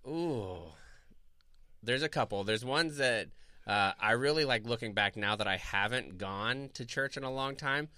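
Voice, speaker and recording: A man's voice: medium pitch, a little slow, sharp tone, clean tone, dry recording. A man in his thirties from Florida, co-hosting a podcast and telling laid-back stories with frequent laughter. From Florida, USA. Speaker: podcast co-host. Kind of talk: casual chat and storytelling.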